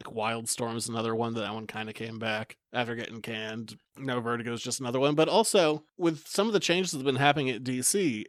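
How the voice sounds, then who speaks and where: A man's voice: medium pitch, dry recording. Chatty male podcast host, dry sound. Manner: chatty, rambling news rundown with fillers. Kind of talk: casual chat.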